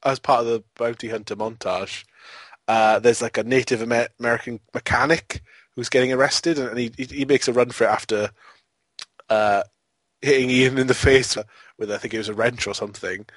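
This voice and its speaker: A man's voice: medium pitch, fairly even intonation, a little fast, no room sound. A man co-hosting a podcast, rambling through a film review in a casual, amused way and often breaking into laughter. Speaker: podcast co-host.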